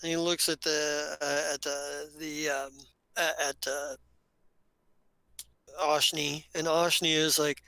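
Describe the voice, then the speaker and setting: A man narrating as game master in a tabletop game, talking haltingly with many restarts. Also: fairly high pitch, flat delivery, sharp tone, clean tone, dry recording, low-quality recording.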